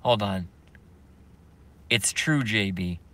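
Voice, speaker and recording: A man's voice: on the low side, slow pace, fairly bright tone. A man on a live stream, talking to his viewers and reading their chat, emphatic and repetitive, often laughing in disbelief.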